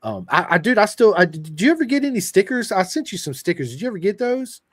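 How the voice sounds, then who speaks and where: A man hosting a casual podcast, reading viewer comments aloud and talking emotionally and excitably, with casual swearing. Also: high-pitched, quick pace, dry recording, studio quality. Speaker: podcast host.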